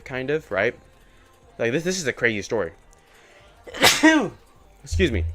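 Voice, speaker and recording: A young man with a mid-range, slightly bright voice live-streams his day trading, chatting casually in slangy, rambling talk that keeps circling back to "bro." Faint music plays in the background.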